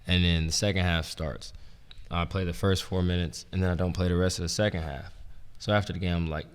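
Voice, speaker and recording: A young man, a former college basketball player and coach, telling stories in a relaxed, rambling way, full of "like" and "um". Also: deep voice, a little fast, clean tone. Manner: relaxed, rambling, heavy use of "like" and "um". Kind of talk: casual storytelling interview. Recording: roomy with long reverb.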